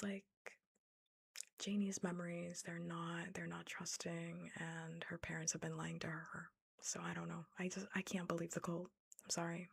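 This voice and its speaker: A woman giving whispered ASMR storytelling, reading a novel aloud and breaking off into animated, incredulous asides. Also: fairly low pitch, vocal fry, breathy edge. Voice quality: unvoiced whisper. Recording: close mic, ASMR setup.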